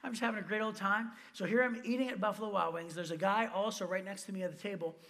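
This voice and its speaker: A man from Michigan preaching a sermon as pastor, telling lively personal stories with asides and quoted voices. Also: high voice, fast.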